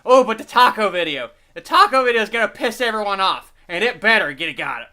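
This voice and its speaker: A man's voice: high-pitched, expressive, quick pace, pushed and bright. A man hosting a live stream, rambling and profane while he reads the chat and eats.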